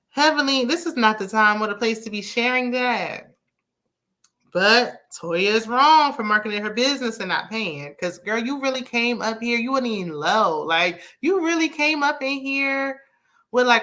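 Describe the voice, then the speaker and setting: A woman's voice: mid-range voice, sharp tone. A woman hosting a casual reality TV recap, chatty and sassy, laughing often as she talks.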